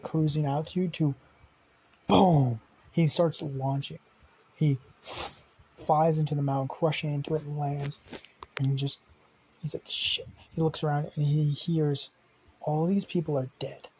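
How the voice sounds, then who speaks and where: A man's voice: on the high side, steady tone, a little slow, pauses often, dark tone, husky, low-quality recording. A young man improvising a fan story aloud, rambling with fillers, restarts and casual swearing.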